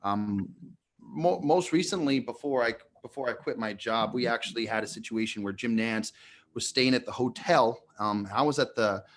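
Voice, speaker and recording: A man's voice: mid-range voice, normal speed. A man co-hosting a podcast, telling a long story in a casual, rambling way. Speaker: podcast co-host.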